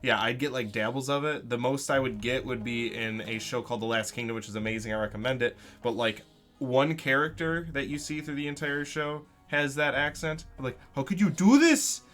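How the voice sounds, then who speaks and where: A man's voice: medium pitch, steady tone, a little fast, sharp tone, faint music behind. A man hosting a casual podcast chat, rambling with many fillers and restarts. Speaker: podcast host.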